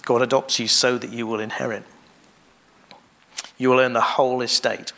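A man preaching a sermon in a measured way, pausing often and restarting phrases. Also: medium pitch, flat delivery, creaky, sharp tone.

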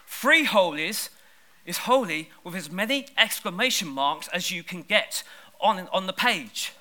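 Male preacher, high and piercingly bright, lively chatty sermon delivery with strong emphasis. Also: a little slow. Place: church service.

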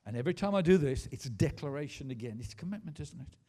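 A man preaching a sermon to a congregation in a school hall. His voice is mellow and dark-toned, pitched a little high, and he swings from slow, hushed reading to emphatic declarations, pausing for the room to answer back. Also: lively intonation. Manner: emphatic preaching with call-and-response. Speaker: pastor.

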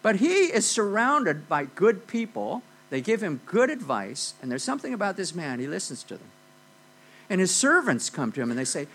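A man delivers a sermon to a congregation, retelling a Bible story with an animated, swooping delivery. His voice is bright and a little husky. A low electrical hum sits under the recording. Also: moderate pace, poor audio. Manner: animated storytelling with frequent "okay?" and "you know". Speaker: preacher.

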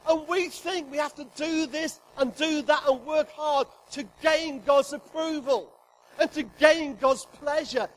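High-voiced preacher, humorous and emphatic. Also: male voice, unhurried, poor audio. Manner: humorous, emphatic, acts out God's voice. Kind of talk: sermon. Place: church hall with congregation.

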